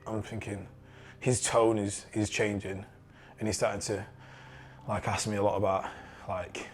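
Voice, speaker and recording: A young man with a Yorkshire accent telling a personal story in a candid, halting way and swearing freely. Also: lowish voice.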